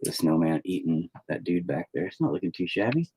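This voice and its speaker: A man's voice: low-pitched, lively intonation, fairly quick, dark tone, husky. A middle-aged man chatting casually on a live stream, joking and teasing as a father.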